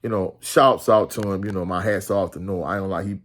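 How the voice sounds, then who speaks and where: A man's voice: deep voice, steady tone, a little fast. A man giving a blunt, casual postgame reaction to a football game, with many "you know" fillers. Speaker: sports commentator.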